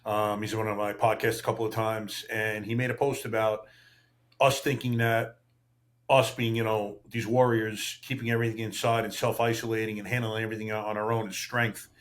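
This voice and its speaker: A man's voice: on the low side, level tone, moderate pace. A man in his fifties, a retired cop, reflecting frankly in casual podcast chat and swearing now and then. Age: 50s. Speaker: podcast guest, retired police officer.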